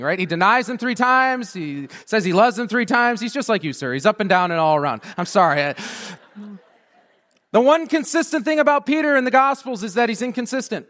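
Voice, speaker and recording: Male preacher, high-pitched, casual joking delivery that swells into passionate prayer. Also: expressive, fairly quick, fairly bright tone. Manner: conversational and humorous, building to a rousing fervent prayer. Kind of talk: sermon.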